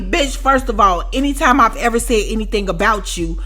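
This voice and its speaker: Woman vlogger telling a storytime, cursing a lot, high bright voice. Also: fairly quick, few pauses, soft background music. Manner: profane, animated, keeps asking "you know what I'm saying". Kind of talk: casual storytelling.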